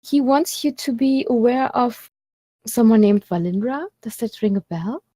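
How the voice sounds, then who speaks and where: A woman playing a tabletop game, speaking in a measured way. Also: fairly high pitch, expressive, warm tone, no echo. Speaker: player.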